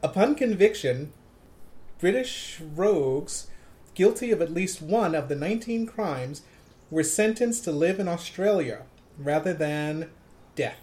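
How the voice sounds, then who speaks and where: A man doing a mock radio countdown host voice while slowly reading a bottle label aloud. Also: on the high side, animated, a little mellow. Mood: mock announcer. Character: adult man impersonating a laid-back radio countdown host.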